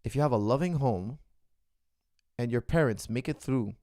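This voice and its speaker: A man's voice: medium pitch, normal speed, mellow, dry recording, clean studio sound. A middle-aged man, a martial arts coach, answering viewer questions in an earnest, philosophical casual monologue. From the West.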